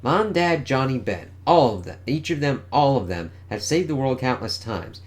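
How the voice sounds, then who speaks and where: A man's voice: mid-range voice, animated, moderate pace, pitched above the performer's own voice, natural voice. Man reading as an urgent young genius heroine. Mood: earnest.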